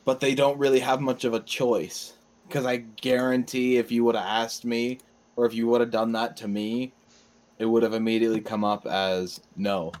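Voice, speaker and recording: A man co-hosts a casual podcast. He speaks in a dry, measured tone at an ordinary pitch and pushes back with mild scepticism. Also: flat delivery, darkish tone. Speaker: podcast co-host.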